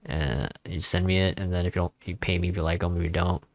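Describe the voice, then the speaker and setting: A man casually talking through a music software tutorial in a rambling, offhand, self-deprecating way. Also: low voice, fairly even intonation, fast, dry recording. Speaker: tutorial host. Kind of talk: casual screen-recording tutorial.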